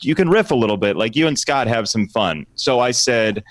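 A man's voice: mid-range voice, brisk, no room sound. A man with a dry, close sound telling a comic story as a guest on a chat show. He is a sports play-by-play announcer and mocks himself. His voice lifts when he quotes his own lines. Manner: self-deprecating, animated when quoting himself. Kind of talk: casual comedic storytelling.

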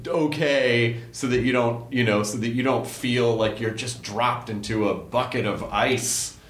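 A man interviews a guest in relaxed conversation, talking in loose, rambling runs with frequent fillers and restarts. His voice sits at an ordinary pitch. The recording has a noticeably roomy echo. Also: unhurried, slight background noise. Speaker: podcast host. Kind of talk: casual interview chat.

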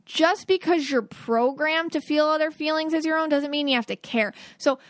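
Chatty higher-voiced woman podcaster. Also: moderate pace, no room sound, studio quality. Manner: earnest, chatty advice-giving with frequent "like" and laughs. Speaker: podcast host. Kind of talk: casual solo podcast talk.

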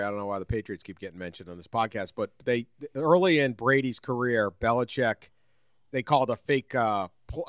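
A man co-hosting a sports podcast, telling lively stories in casual chat and laughing often. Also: medium pitch, no echo, clean studio sound. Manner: animated storyteller, laughs often.

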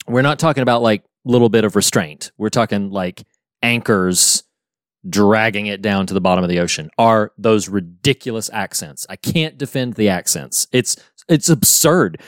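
A man co-hosting a casual film-review podcast, earnest and building his points slowly. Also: lowish voice, no room sound, studio quality. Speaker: podcast co-host.

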